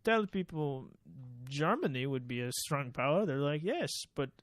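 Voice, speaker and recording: A man putting on the voice of a stiff male government official as he retells a comedy bit, speaking slowly and haltingly. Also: on the high side, expressive, no room sound, natural voice. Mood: mock-solemn. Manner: slow, halting delivery broken by laughter.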